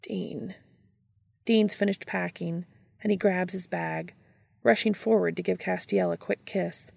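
A woman reading a story aloud in a steady, even narration. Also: fairly low pitch, moderate pace, creaky, no room sound, clean studio sound. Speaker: reader. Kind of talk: audiobook-style story reading.

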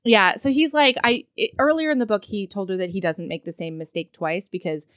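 A woman's voice: mid-range voice, fairly quick, no echo. Gushing woman with a dry close mic. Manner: gushing, effusive, laughs often. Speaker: podcast co-host. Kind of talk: casual book chat, reading passages aloud.

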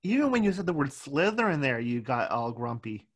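A podcast co-host talks at length in casual chat, walking through scenes and often restarting sentences. The voice sits at an ordinary middle pitch. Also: big pitch swings, a little fast. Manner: talkative, recaps scenes, frequent restarts.

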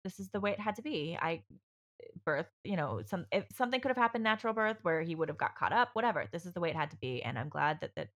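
Bright, low-voiced woman telling a story. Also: animated, fast, lo-fi sound. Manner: rambling, candid storytelling with many fillers and restarts; swears freely. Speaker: podcast host telling her birth story. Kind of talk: casual chat.

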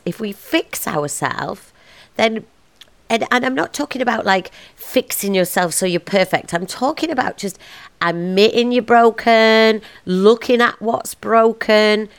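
A woman's voice: on the low side, big pitch swings, unhurried. A woman hosting a casual motivational podcast, chatty and bubbly, and she laughs often. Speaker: podcast host.

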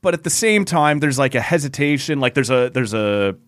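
A man's voice: medium pitch, lively intonation, brisk, fairly bright tone, dry recording. Laid back guy hosting a pod, kinda hedgy, dry close sound. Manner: thoughtful, hedging, lots of "like". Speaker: podcast host. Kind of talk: casual chat. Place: podcast studio.

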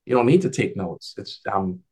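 A man talking casually as a guest on a video call, an advisor who tells animated stories and acts out the dialogue in a lifted voice. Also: on the low side, moderate pace, husky. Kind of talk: casual conversational storytelling.

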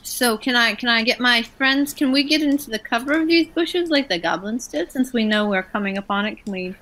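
A woman playing in a tabletop game, playful and quick to giggle. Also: on the high side, lively intonation, a bit bright. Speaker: player. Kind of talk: casual tabletop play.

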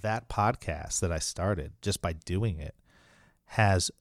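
Very deep-voiced earnest man. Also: takes it slowly, dry recording, clean studio sound. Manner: earnest, explanatory, with frequent restarts. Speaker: franchise attorney and podcast host. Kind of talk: interview guest, conversational.

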